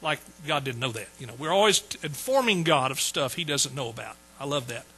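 A man's voice: medium pitch, lively intonation, fairly quick, vocal fry, bright, forceful tone, breathy edge, rough recording. A man preaching a sermon in a folksy, joking way. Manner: folksy, joking asides to the congregation. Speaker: pastor.

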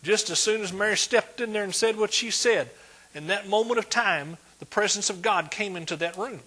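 A man preaching a sermon, emphatic, swinging between loud declarations and hushed asides. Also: sits high, normal speed, breathy edge.

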